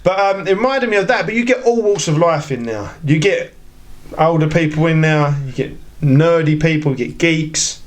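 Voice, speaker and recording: A man's voice: fairly high pitch, animated, moderate pace. A man telling rambling stories in a casual podcast chat, acting out other people's lines as he goes. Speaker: podcast guest.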